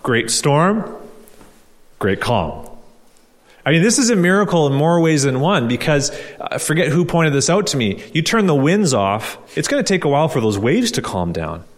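A man's voice: fairly high pitch, sing-song, moderate pace. A male pastor preaching a conversational sermon, asking rhetorical questions and repeating key phrases for emphasis. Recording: long hall reverb.

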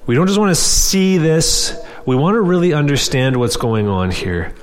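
A man's voice: fairly high pitch, very animated, moderate pace, long reverb tail. A man preaching a sermon in an earnest, direct way, often restarting and repeating words.

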